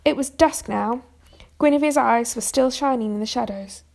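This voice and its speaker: Gravelly-voiced woman reading a storybook. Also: a little high, moderate pace. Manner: steady reading with small restarts. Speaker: narrator.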